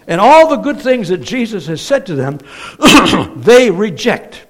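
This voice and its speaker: A man's voice: high-pitched, very animated, normal speed, fairly bright tone. A man preaching a sermon in a conversational way, often asking the congregation questions.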